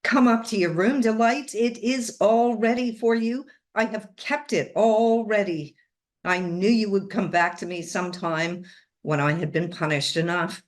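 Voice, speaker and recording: A woman's voice: mid-range voice, a little slow, voice pushed up, close to an everyday voice. A woman reading aloud and voicing an unhinged, grieving older woman who speaks passionately and entreatingly. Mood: feverish. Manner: passionate, entreating, a little wild. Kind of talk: storybook reading.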